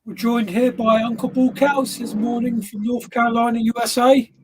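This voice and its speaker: A man hosts a casual live podcast, trading cheeky jokes with his guests. His voice sits unusually high for a man. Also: level tone, moderate pace, background noise. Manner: cheeky, jokey banter. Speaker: podcast host.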